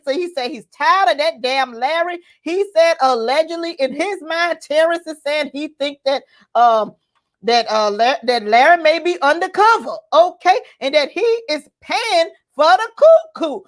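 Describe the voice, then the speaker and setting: A woman hosting a casual gossip livestream, talking in a sassy, dramatic way and repeating her caller's words back to the audience. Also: sits high. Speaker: gossip show host.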